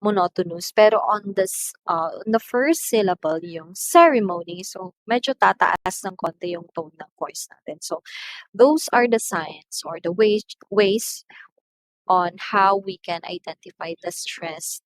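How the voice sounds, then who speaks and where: A woman with a Filipino accent teaching an English lesson, slowly and deliberately, stressing example words loudly. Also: fairly low pitch, no room sound, rough recording. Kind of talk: recorded lesson.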